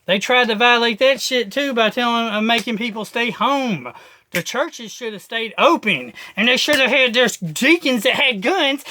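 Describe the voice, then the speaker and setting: A man delivers a political rant to camera with a bright, forceful edge. He hammers his points through repetition and profanity. His delivery stays emphatic throughout. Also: very high voice, normal speed. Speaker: video host.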